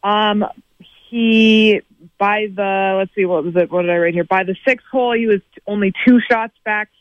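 A man's voice: high-pitched, fairly even intonation, normal speed, no echo. A man giving a casual sports recap as a remote correspondent, chatty and full of fillers. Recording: dull lo-fi remote line.

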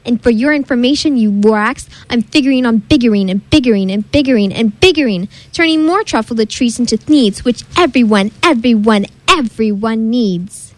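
A greedy male factory owner from a storybook, brash and insistent, read by a woman. His voice sits high and presses every point home. Defiant and self-assured. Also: expressive, brisk, few pauses, no echo, natural voice, rough recording.

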